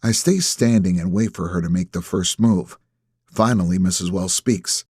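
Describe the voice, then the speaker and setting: A man reads a first-person audiobook in a low, husky voice. His delivery is measured and terse. The recording is dry and close. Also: a little mellow, dry recording. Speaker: audiobook narrator.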